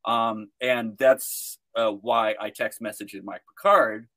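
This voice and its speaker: Man, bright tense voice, rambling podcast storyteller, amused, lots of fillers. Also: on the low side, fairly even intonation, takes it slowly. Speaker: guest, protester.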